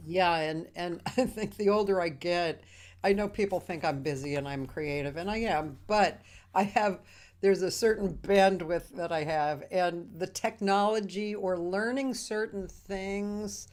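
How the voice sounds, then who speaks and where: A woman's voice: lowish voice, measured pace, a little mellow. A woman hosting a casual interview show, talking about herself in a rambling, chatty way with frequent laughter. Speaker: host. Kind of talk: casual chat.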